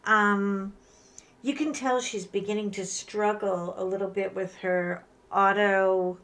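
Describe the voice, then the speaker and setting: A woman in her fifties hosting a craft channel. She chats candidly while she works, and her talk grows animated and emotional as she tells a story. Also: mid-range voice, slow pace. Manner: chatty and candid, animated retellings with rising emotion. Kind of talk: casual chat while crafting.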